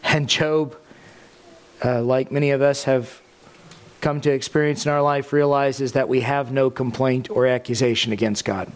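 A male pastor preaching a sermon in a relaxed, conversational way, with asides and the odd "um" and "uh". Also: mid-range voice, normal speed.

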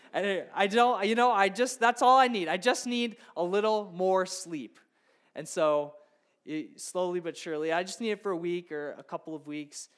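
Pastor with a slightly high voice. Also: male voice, a bit bright. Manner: conversational, voices imagined inner thoughts. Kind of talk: sermon.

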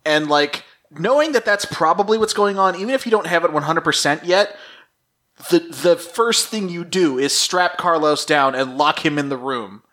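A man with a fairly high voice picks apart a TV plot on a podcast. He reasons aloud in a wry, casual way, nitpicking the story's logic. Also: moderate pace, a bit bright. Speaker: podcast co-host. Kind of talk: casual episode recap chat.

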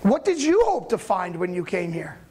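A man preaching a sermon in a casual, conversational storytelling manner, with sudden loud bursts of emphasis. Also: high voice, very animated, moderate pace. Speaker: pastor.

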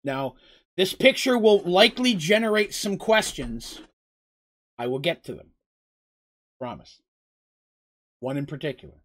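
A storyteller reads a fantasy tale aloud with expressive delivery, now and then breaking off to speak straight to the listeners. The voice is medium in pitch, a little slow, with frequent pauses.

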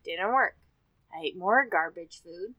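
A woman's voice: fairly low pitch, lively intonation, a little slow, no echo, lo-fi sound. A young woman in her twenties co-hosting a casual podcast from inside a van, rambling and self-deprecating. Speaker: podcast co-host. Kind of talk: casual chat. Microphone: podcast microphone.

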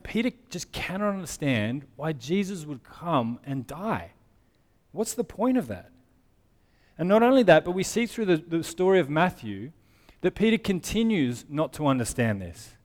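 A man's voice: a little high, sing-song, moderate pace, a little mellow. A man preaching a sermon, who explains scripture in a conversational way and reads passages aloud. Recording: long hall reverb.

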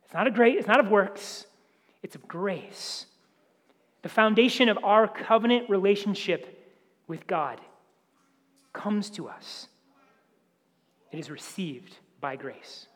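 High-voiced male pastor, hall reverb. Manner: emphatic, drops to hushed near-whispers for stress. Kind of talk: sermon.

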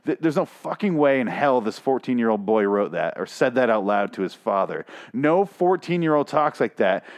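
Sarcastic, foul-mouthed man reading aloud. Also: mid-range voice. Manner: sarcastic, swears constantly, stumbles over words while reading. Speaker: comedic commentator reading an article aloud. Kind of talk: profane comedic reading and commentary.

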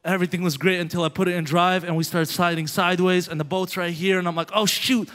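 A man pastor giving a sermon with a personal story, animated and growing loud as he tells of his anger. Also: high-pitched, quick pace. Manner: animated, grows loud when telling of anger. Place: church sanctuary. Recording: long hall reverb.

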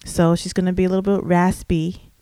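A woman's voice: on the low side, level tone, fairly quick, warm tone, clear, resonant tone. Upbeat woman hosting a home podcast. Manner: upbeat, friendly, laughs easily. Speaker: podcast host. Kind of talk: casual chat. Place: living room couch in a home.

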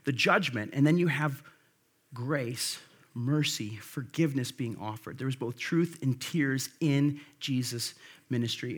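Husky-voiced man preaching a sermon. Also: mid-range voice. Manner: conversational, emphatic preaching with rhetorical questions. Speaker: pastor.

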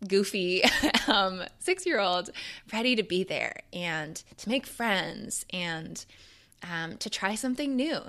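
A young woman with a slightly low voice tells her own life story in a candid, casual way. She speaks with open emotion and plenty of fillers, and now and then she swears. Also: fairly bright tone.

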